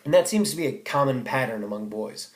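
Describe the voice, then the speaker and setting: A man's voice: mid-range voice, lively intonation, brisk, roomy sound. A teenage boy reading out a comic personal essay for school, wry and self-mocking, with sudden outbursts. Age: teens. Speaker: student giving a speech.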